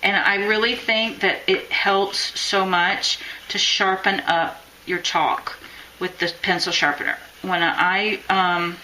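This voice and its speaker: A woman's voice: medium pitch, fairly even intonation, takes it slowly, bright, forceful tone, a little hiss or hum, rough recording. A woman teaching chalk lettering on a live stream, chatting and encouraging as she works. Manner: chatty, encouraging, talks while working. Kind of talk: live-stream drawing tutorial.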